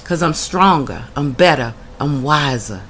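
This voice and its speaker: Woman reading her case papers out loud, calling it out, forceful tense voice. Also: sits low, animated, measured pace, a little hiss or hum. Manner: indignant, emphatic, blunt. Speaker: tenant telling her own housing case. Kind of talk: reading documents aloud and reacting.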